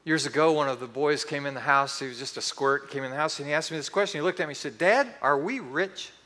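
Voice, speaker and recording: A middle-aged man preaching a sermon, telling animated stories with acted-out quotes. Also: mid-range voice, rapid-fire, big-room sound. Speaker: pastor.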